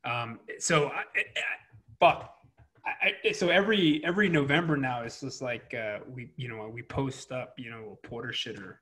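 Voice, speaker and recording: A man's voice: mid-range voice, moderate pace, sharp tone, husky. A man telling profane military stories in casual chat, full of fillers and laughter. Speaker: Marine veteran interviewer.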